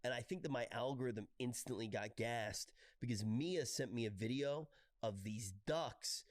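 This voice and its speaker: Casual call guest: a man with mid-range pitch who tells stories with lots of laughs and restarts, dry close sound. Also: no room sound. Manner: rambling storyteller, laughs often, halting restarts.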